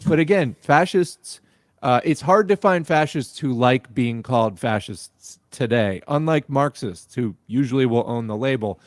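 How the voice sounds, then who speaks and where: A man's voice: medium pitch, measured pace, dry recording. Blunt, exasperated man, dry sound. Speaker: video commentator. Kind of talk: political reaction commentary.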